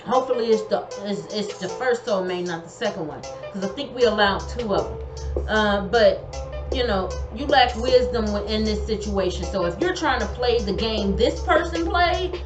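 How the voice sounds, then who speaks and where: A woman's voice: medium pitch, expressive, moderate pace, highs cut off. A woman giving an online tarot reading in an emphatic, colloquial way, repeating her advice. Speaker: tarot reader. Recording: echoey room, music behind.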